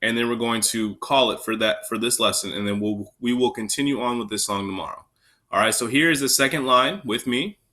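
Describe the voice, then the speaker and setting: Bright-voiced man teaching a recorder lesson. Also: medium pitch, brisk. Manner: counts in and calls out note names steadily. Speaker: music teacher. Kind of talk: recorder lesson for young students.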